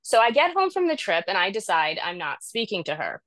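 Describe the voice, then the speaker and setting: A middle-aged woman tells her support group on a video call a rambling, self-deprecating story about looking after her mother, candidly sharing as a caregiver. She has a medium-pitched, sing-song, fairly bright voice and talks fairly quickly. The recording is dry.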